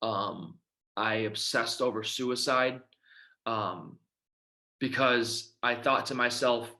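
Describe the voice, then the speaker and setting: A man, telling his own recovery story in a halting way, full of fillers and often trailing off quietly. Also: mid-range voice. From Detroit, Michigan. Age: 30s. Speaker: recovery outreach speaker. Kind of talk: personal testimony talk.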